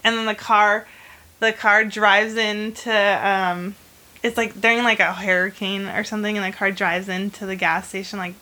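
Bright-voiced woman rambling through a story. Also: medium pitch, moderate pace. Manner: rambling, chatty storytelling full of "like" fillers; animated retelling of history with bursts of humor. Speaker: host. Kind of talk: casual chat.

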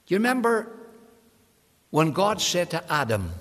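Impassioned high-voiced preacher in a reverberant hall. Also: male voice, sing-song, unhurried. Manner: impassioned preaching, swinging from loud cries to hushed low endings; addresses the listener directly as friend. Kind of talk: sermon.

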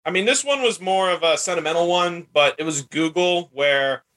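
A man's voice: sits high, normal speed, a bit bright. A man hosting a casual chat show, rambling and laughing as he retells scenes. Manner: chatty, laughs while retelling scenes in put-on voices. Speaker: podcast host.

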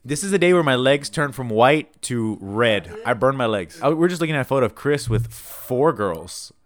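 A man's voice: medium pitch, animated, normal speed. A young man co-hosting a podcast, telling stories in a loose, rambling and jokey way. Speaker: podcast co-host. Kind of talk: casual storytelling chat.

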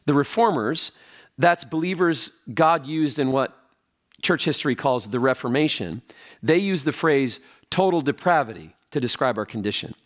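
Lively-voiced male preacher. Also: moderate pace. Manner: conversational preaching with lively pitch and filler words. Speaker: pastor. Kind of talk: sermon.

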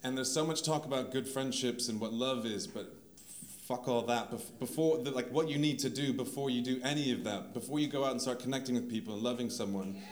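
A man speaking at an open mic, sweary and animated, swinging between quiet and shouting. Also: mid-range voice, fairly quick, echoey room. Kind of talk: impassioned open mic talk. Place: event venue with crowd. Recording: crowd noise in a live venue.

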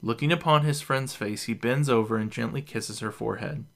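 A man's voice: mid-range voice, fairly quick, vocal fry. Man reading a fantasy story. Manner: steady, even storytelling. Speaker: narrator.

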